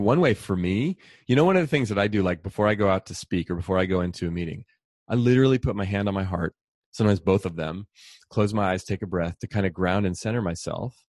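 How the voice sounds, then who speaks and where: Middle-aged male author, fast and animated storyteller, lowish voice, dry close sound. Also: dry recording. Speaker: author and speaker. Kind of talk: conversational storytelling.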